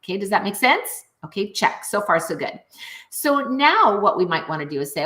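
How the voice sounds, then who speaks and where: A woman's voice: medium pitch, normal speed. A middle-aged woman music teacher talking viewers through a lesson in an upbeat, chatty way. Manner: upbeat, animated, addresses viewers directly. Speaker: music teacher and program founder. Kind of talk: enthusiastic online teaching video.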